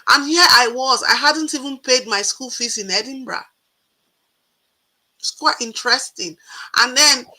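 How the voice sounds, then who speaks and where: A woman in her forties tells her own story with a bright, forceful voice sitting a little high. She talks casually and acts out the people she quotes with animation. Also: rough recording. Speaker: guest telling her story.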